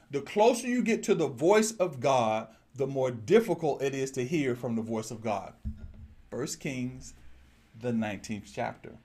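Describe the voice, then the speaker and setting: Preacher guy, talks right to the church, goes quiet then real loud, kinda high voice. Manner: animated, swings between low murmurs and loud exclamations; addresses the congregation directly, repeating phrases. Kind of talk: sermon.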